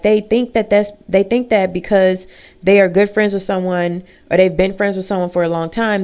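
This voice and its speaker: A woman's voice: on the low side, darkish tone. A woman in casual chat, candid and talkative. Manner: chatty, candid, talks to her dog mid-story. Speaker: vlogger.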